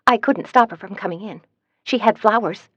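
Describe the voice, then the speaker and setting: A woman's voice: medium pitch, moderate pace, fairly bright tone, slightly rough, no echo, voice pushed up. A woman voicing the narrator's flustered, protective aunt in an audiobook, speaking sharply, in a dry, slightly dull recording.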